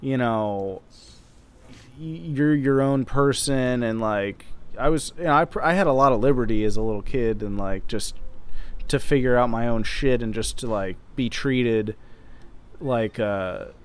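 A man's voice: medium pitch, a little slow, smooth. A young man in casual podcast chat, rambling and hesitant, laughing often.

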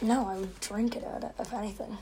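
A woman co-hosting a podcast in giggly, quick casual chat. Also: mid-range voice, steady tone, noisy background. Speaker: podcast co-host.

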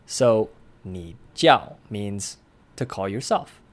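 Low-voiced man teaching a language lesson. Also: expressive, slow pace. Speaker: language podcast co-host. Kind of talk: scripted lesson explanation.

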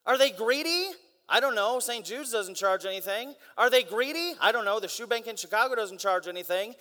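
A young man giving an energetic guest sermon in a church, driving his points with rhetorical questions and mock voices. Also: high-pitched, brisk. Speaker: guest preacher. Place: large church hall. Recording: long church hall reverb.

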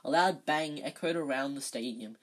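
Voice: medium pitch, moderate pace. An amateur reader reading a novel aloud casually, often stumbling and correcting themselves.

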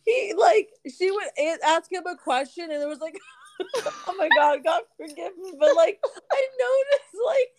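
A woman's voice: extremely high pitch, lively intonation, normal speed, a little hiss or hum. A woman co-hosting a podcast in casual chat, gossipy and swearing, often breaking into laughter. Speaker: podcast co-host.

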